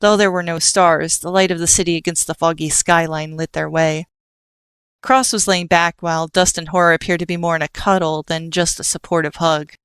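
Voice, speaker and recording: Give me a woman narrating an audiobook in a low, smooth voice. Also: fairly even intonation, a little fast, fairly bright tone, dry recording.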